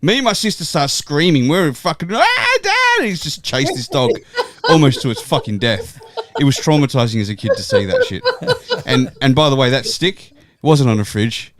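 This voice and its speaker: A man's voice: medium pitch, moderate pace. A young adult man with an Australian accent, retelling a childhood story with swearing and playful mimicry. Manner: animated, swearing storyteller who mimics others. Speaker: co-host. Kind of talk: casual podcast chat.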